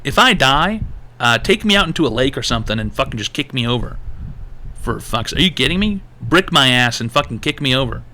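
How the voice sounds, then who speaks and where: A man hosting a live-streamed advice show, ranting in a loose, profane and animated way. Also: mid-range voice, fairly quick, a little hiss or hum. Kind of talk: live-stream call-in talk.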